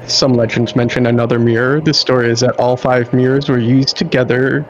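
Dude reading game notes out on a stream, kinda muffled lo-fi mic. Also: male voice, medium pitch, level tone, fairly quick, a little hiss or hum. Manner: reads game notes aloud steadily. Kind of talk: casual gaming chat.

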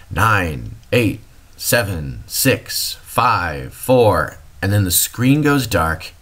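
A man's voice: low-pitched, a bit bright. A man giving a recorded history lecture, explaining to students and addressing them directly.

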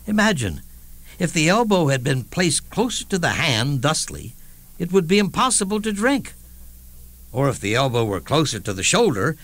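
A man's voice: mid-range voice, a bit bright, full character voice. An actor playing a witty elderly statesman, telling wry anecdotes in a theatrical one-man stage monologue with chuckling asides.

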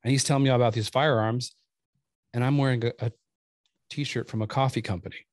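A man from the United States, a guest chef, telling a story in a lively casual way and repeating words as he goes. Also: medium pitch, fairly quick, dry recording, clean studio sound.

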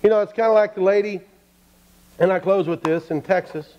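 A man's voice: sits high, steady tone, fairly quick. A man preaching a sermon as pastor, telling a story and acting out the people in it. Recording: dull lo-fi church stream.

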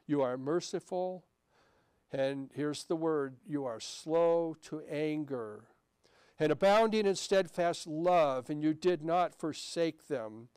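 A middle-aged man preaches a sermon in a smooth, crisp voice that sits a little high for a man. He moves between an everyday story and scripture, with a short laugh now and then. The sound is dry and close. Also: darkish tone, dry recording. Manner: conversational preaching with personal stories and scripture reading. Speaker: pastor.

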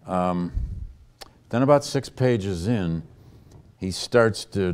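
A man with a very low voice takes audience questions in a lecture hall. He speaks as a historian, thinking aloud and pausing on his words, with frequent false starts as he works through his answers. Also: a little mellow, clear, resonant tone. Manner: thoughtful, with frequent hesitations and restarts.

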